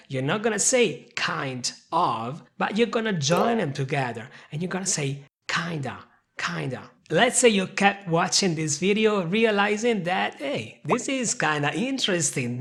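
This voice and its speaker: A man's voice: high-pitched, a bit bright. A young man teaching English in a video lesson, playful and emphatic, leaning hard on key words and laughing often.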